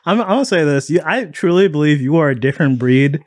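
A man's voice: fairly high pitch, expressive, fast talker. A man hosting a podcast, chatting casually and hesitantly, with many restarts and fillers. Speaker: podcast host. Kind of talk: casual chat.

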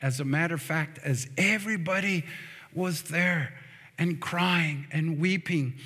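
A man's voice: on the high side, bright, forceful tone. A man preaching a funeral sermon as pastor, telling the story and asking the congregation for amens. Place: church sanctuary. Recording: long church hall reverb.

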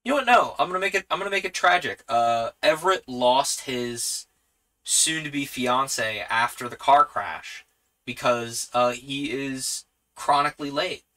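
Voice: mid-range voice, measured pace, pushed and bright. A streamer narrating a solo tabletop superhero story, rambling with many fillers. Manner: rambling, many fillers, laughs at own choices.

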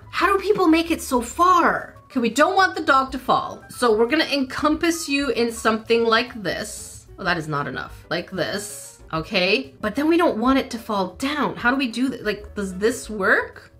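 A woman hosting a casual let's-play, giggly and excitable, talking to the game and the dog on screen. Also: fairly high pitch. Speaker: gaming channel host.

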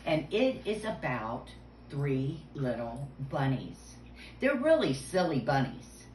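Woman preschool teacher, unhurried and playful, slipping into hushed whispers; echoey room recording. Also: extremely low pitch. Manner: playful and animated, dropping to hushed whispers for suspense. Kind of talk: video lesson for young children. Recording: roomy sound with faint background noise.

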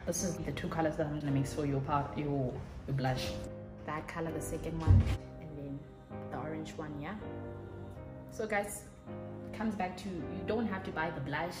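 A woman's voice: low-pitched, normal speed. A young South African woman, a makeup artist, chatting casually and animatedly, laughing often. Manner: animated, laughs often, goes quiet while working. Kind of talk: casual chat. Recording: echoey room with background music.

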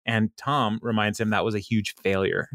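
A man's voice: on the low side, moderate pace, fairly bright tone, no echo, studio quality. Laughing man host retelling an episode. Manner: laughs often, acts out quoted lines. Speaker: podcast host. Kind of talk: casual chat recapping a TV episode.

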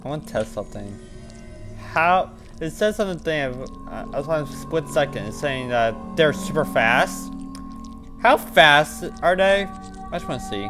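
A man commentating his own horror game playthrough, muttering to himself between sudden panicked shouts. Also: fairly high pitch, animated, unhurried, over music. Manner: mutters to himself, then yelps and shouts when scared. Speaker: gaming channel host.

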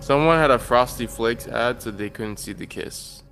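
Joking man chatting over game music. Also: mid-range voice. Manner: joking, quick banter. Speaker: stream guest player. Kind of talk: casual group chat over a game.

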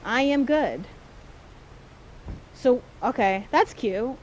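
A woman streaming a horror game, chatting and swearing, jumpy and quick to shout when chased. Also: sits high, very animated, slight background noise. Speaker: gameplay streamer. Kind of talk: casual let's-play commentary.

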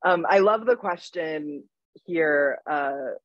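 A woman's voice: low-pitched, slow, dry recording, dull audio. A woman interviewing an author in a casual conversation. She is chatty, laughs easily and hesitates with fillers.

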